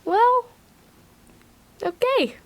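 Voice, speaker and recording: A young woman co-hosting a casual family podcast with her father, playful and quick with comebacks. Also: very high voice, lively intonation. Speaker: podcast co-host, daughter.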